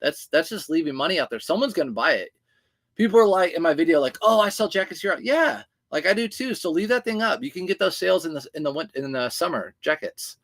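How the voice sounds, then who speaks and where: A man with a high voice hosts a casual livestream about reselling clothes. He talks in a loose, chatty way and answers viewer comments as they come in. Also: expressive, brisk, a bit bright.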